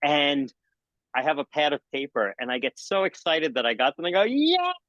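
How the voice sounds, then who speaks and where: A middle-aged man, a magician, telling jokey stories in a podcast interview and acting out scenes with sudden high exclamations. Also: moderate pace, a bit bright, dry recording, lo-fi sound. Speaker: magician and mentalist guest. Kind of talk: animated storytelling in a podcast interview.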